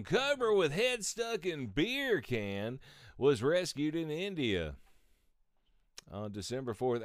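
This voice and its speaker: A man's voice: a little high, clean tone, no room sound, studio quality. A man hosting a podcast who reads news headlines and cracks sarcastic jokes about them. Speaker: podcast host. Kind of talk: comedic news reading.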